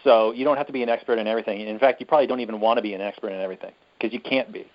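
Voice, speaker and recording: A man's voice: lowish voice, steady tone, rapid-fire. A man co-hosting a podcast, talking casually and earnestly about a movie and openly getting sentimental. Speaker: podcast co-host. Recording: slightly dull lo-fi sound.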